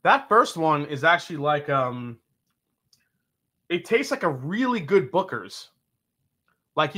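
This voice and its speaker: A man hosts a live stream tasting whiskey, his voice a little high, pushed, and bright. He jokes and curses as he reads viewer comments aloud.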